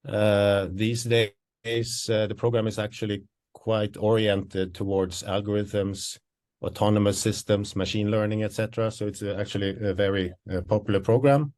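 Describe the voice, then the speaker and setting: A man's voice: on the low side, steady tone, normal speed, a little mellow. A man, an associate professor presenting study programmes in a webinar, slightly out of breath and hesitant as he explains.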